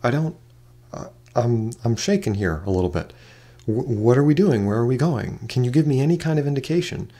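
A man voicing a stressed but polite young woman who keeps pressing for answers, hesitant and shaken, in a lowish voice. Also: measured pace, darkish tone. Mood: flustered.

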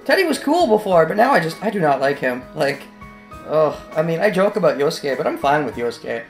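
A man giving casual let's play commentary over a video game, chatty, sarcastic and excitable. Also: a little high, brisk, faint music behind.

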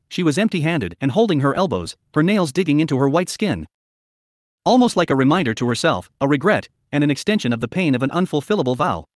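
Expressive male audiobook narrator. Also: fairly high pitch, dry recording, clean studio sound. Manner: expressive storytelling.

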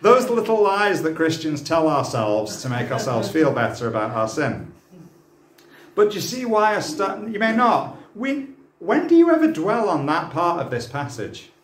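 A man's voice: a little high, big pitch swings, unhurried, echoey room. A man preaching an impassioned, dramatic sermon, full of rhetorical questions. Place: church hall.

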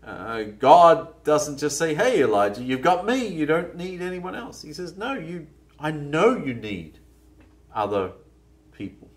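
A man's voice: a little high, sing-song, a little slow. A man preaching a sermon in a conversational, musing way, often restarting his phrases. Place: church.

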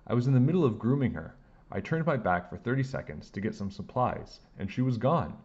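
A man's voice: medium pitch, sing-song, a little mellow, husky, highs cut off, pitched above the performer's own voice. A man voicing a flustered young woman groomer who talks breathlessly in a rush. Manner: breathless, rushed.

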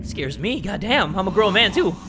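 Loud, jokey young game host. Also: male voice, high-pitched, big pitch swings, normal speed, noisy background. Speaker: gaming video host. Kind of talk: energetic let's-play commentary. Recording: music playing behind.

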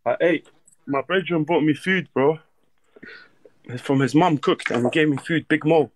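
A man's voice: a little high, a little slow. A man hosting a livestream, chatting casually in slang and bantering with viewers. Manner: laid-back, slang-heavy, banters with viewers. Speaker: livestream host.

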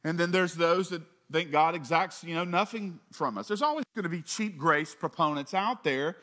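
Man preaching a conversational sermon. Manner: conversational preaching with asides and quick jokes; rises in pitch and volume for emphasis, drops low and soft on closing points. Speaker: pastor.

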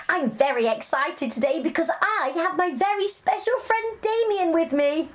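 Very high, lively woman presenter. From England. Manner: cheerful and encouraging, slow and clear for young children. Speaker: children's show host. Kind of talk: children's TV presenting.

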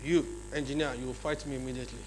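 A man with a Nigerian English accent giving a lively leadership seminar talk in a large church hall, often checking in with his audience. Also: mid-range voice, racing. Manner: acts out examples in changed voices. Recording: long hall reverb, faint mains hum.

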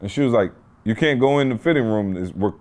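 A man's voice: lowish voice, lively intonation, quick pace, darkish tone. A man hosting a podcast, telling a story in casual, slangy chat. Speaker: podcast host.

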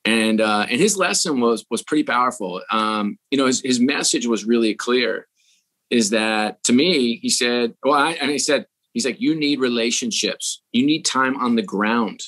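A middle-aged man telling a story in a casual podcast interview, acting out the dialogue in it with lively voices. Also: mid-range voice, normal speed. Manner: animated, acts out quoted dialogue. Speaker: sports executive, podcast guest.

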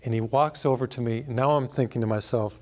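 Man, priest, sermon, storytelling, self-mocking, lively anecdote. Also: mid-range voice, brisk. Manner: storytelling, animated when quoting others, laughs at himself.

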